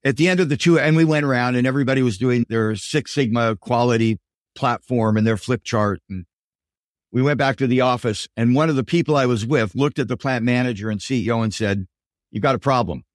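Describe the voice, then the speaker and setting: Animated older man telling stories. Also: mid-range voice, brisk, no echo, clean studio sound. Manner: animated storyteller, voices quotes in dialogue. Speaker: guest, business professor and executive coach. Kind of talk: storytelling interview answers.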